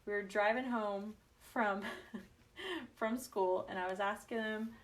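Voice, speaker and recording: Here the craft livestream host talks slowly in a medium-pitched voice. Chatty and affectionate, she tells her viewers family stories during the live session, laughing along the way.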